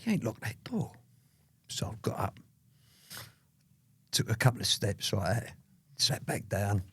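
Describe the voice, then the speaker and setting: Man, raspy storyteller, keeps saying "you know what I mean", dry recording. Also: fairly low pitch, a little mellow, dry recording. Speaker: father telling his life story to his daughter. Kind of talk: casual storytelling interview.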